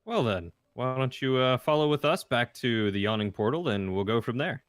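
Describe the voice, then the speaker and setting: A man's voice: medium pitch, expressive, moderate pace, slight background noise. A man taking part as a player in a tabletop game, talking in an easygoing, offhand way.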